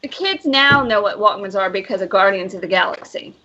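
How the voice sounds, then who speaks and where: A woman's voice: mid-range voice, fairly quick, pushed and bright, lo-fi sound. A woman co-hosting a casual livestream chat, chatty and matter-of-fact.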